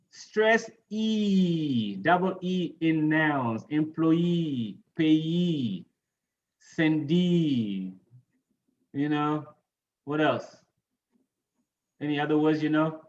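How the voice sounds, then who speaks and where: A man's voice: fairly high pitch, lively intonation, drawn-out words, pauses often, dull audio. A man teaching an English pronunciation lesson, patiently repeating words and quizzing his class on which syllable to stress.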